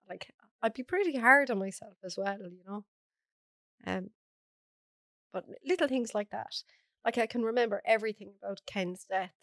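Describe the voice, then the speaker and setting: A woman's voice: mid-range voice, a bit bright, no room sound. An Irish woman, a podcast guest, earnestly recounting a personal story in close detail. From Ireland.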